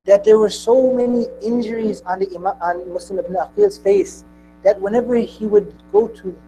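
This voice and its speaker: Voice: medium pitch, steady tone, normal speed, music in the background, low-quality recording. A speaker at a mourning gathering, telling a sacred story in an impassioned, grieving sermon.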